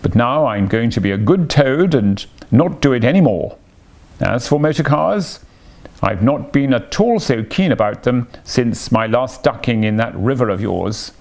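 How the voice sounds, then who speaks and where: A man voicing a boastful, excitable male toad with a pompous manner in a read-aloud storybook. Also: medium pitch, measured pace, vocal fry. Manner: pompous, then self-pitying.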